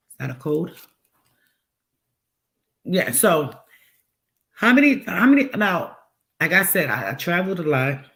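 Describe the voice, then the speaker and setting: Man, casual livestream chat, rambling, musing, rhetorical questions, fairly high voice. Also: big pitch swings, a little slow, gravelly, pauses often, sharp tone. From United States. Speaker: livestream host.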